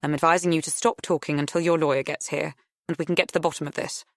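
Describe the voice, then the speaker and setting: Woman reading a firm, brisk adviser, fast and matter-of-fact. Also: deep voice, little pitch movement, no echo.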